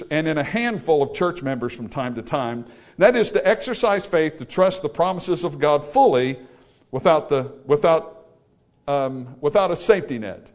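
A man preaching a sermon, storytelling and acting out the people he quotes. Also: fairly high pitch. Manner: animated, acts out quoted voices.

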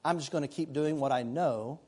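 A middle-aged man preaching from the pulpit with a fairly high voice. He moves between scripture and personal stories, keeping an easy, conversational feel. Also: a little fast, a little mellow. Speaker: pastor. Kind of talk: sermon.

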